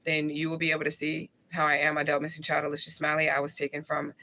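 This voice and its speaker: Monotone and quick, a low-pitched woman's voice sounds pushed and bright over slight background noise. The speaker, a St. Louis, Missouri livestream host in her forties, answers viewers' comments in blunt, slangy live chat, laughing often.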